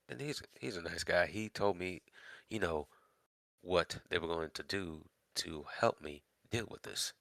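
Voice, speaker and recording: A man's voice: low voice, pushed and bright, dry recording. A man, a podcast guest and voice actor, telling his personal story in an easygoing casual chat.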